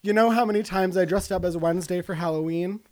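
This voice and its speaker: A man's voice: high-pitched, fast talker, a little mellow, close to an everyday voice. Man doing a vain, ditzy female movie star. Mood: airy, self-important. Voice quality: breezy, self-absorbed, scatterbrained. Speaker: guest in character. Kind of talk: improvised comedy character.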